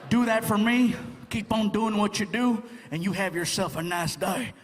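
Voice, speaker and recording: A laid-back veteran highway cop drawls out his orders, played by a stand-up comic. His voice sits unusually high for a man, and it rings through a reverberant hall. The crowd hum of a live show carries underneath. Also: steady tone, moderate pace, lightly acted. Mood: easygoing. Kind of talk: stand-up character voice. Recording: echoey live venue with crowd ambience.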